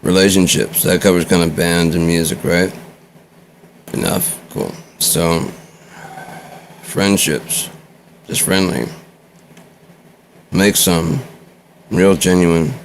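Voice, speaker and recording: Low, slow-talking rambling man. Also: fairly even intonation, creaky, a little hiss or hum. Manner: rambling, offhand, swears casually. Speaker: vlogger. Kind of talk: rambling casual monologue.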